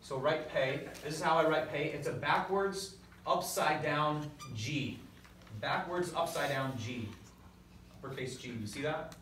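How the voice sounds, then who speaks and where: A man's voice: fairly high pitch, a little slow, fairly bright tone, a little hiss or hum. A man teaching a classroom lesson, leading call-and-response drills with energy and correcting himself as he goes. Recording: echoey classroom recorded from far off.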